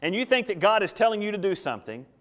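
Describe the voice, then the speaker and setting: A man's voice: high-pitched, very animated, fast, a bit bright. A man pastor preaching a sermon, emphatic and full of rhetorical questions.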